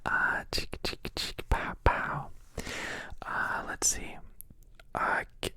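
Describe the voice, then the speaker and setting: A young man chatting in a soft whisper on an ASMR live stream, rambling and joking as he answers viewers' questions. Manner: rambling, jokey, confessional.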